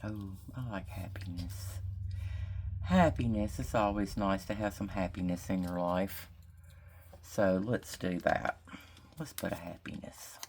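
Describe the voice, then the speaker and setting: With slight background noise behind her, a Mississippi woman works on a craft project at her desk and chats casually to camera, thinking aloud. Her Southern drawl stretches out her words, and her voice is rumbling low and a little mellow.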